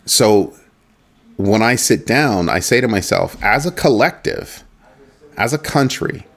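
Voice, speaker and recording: A man's voice: fairly low pitch, expressive, measured pace, creaky. A man hosting a casual livestream, musing aloud with rhetorical questions and reading out viewer chat. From United States. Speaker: livestream host.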